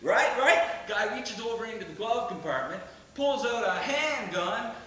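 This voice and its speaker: A man acting out a rowdy young stoner, high-voiced and rambling with crude laughs. His bright, sharp tone rings out across a theatre stage. It is recorded from well back in the room, with heavy echo. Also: expressive, measured pace, slight background noise. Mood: crude bragging. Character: rowdy young male stoner bragging about a wild ride. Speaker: stage actor in a one-man show. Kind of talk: theatrical monologue. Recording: echoey stage from far off.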